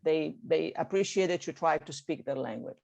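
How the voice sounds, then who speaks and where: A woman's voice: sits low, moderate pace, gravelly, darkish tone, dull audio. Italian-accented woman teaching an online beginner class, upbeat and patient, keeps checking in with listeners. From Italy. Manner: encouraging, checks in with frequent "okay?". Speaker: language teacher. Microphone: video call.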